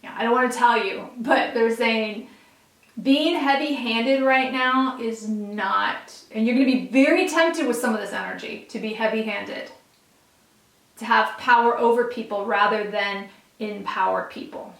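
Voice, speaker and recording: A woman's voice: fairly high pitch, measured pace, fairly bright tone, far from the mic. Earnest woman reading tarot in an echoey room. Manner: earnest, emphatic, talks straight to viewers. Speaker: tarot reader. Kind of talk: casual tarot reading to camera. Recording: roomy echo, a bit off-mic.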